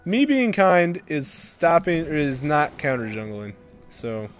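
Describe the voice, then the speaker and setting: A young man giving live commentary over his own gameplay, excitable and swearing, breaking into loud bursts. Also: a little high, slow pace, soft background music. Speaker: gaming commentator.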